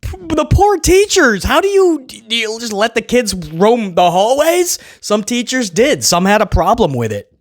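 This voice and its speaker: A man's voice: extremely high pitch, sing-song, a little slow. A man giving sarcastic, mocking commentary as a wrestling show reviewer, laughing at his own jokes as he goes. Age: adult who was a kid in the late 1990s. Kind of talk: casual commentary.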